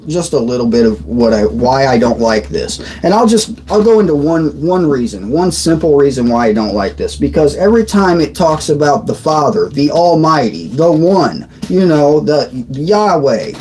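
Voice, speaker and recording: A man's voice: on the high side, sing-song, normal speed, darkish tone, low-quality recording. Rambling man in his thirties. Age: 30s. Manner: rambling, chatty, trails off mid-sentence. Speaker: livestream host. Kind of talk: casual livestream chat. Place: at a desk on a squeaky old chair.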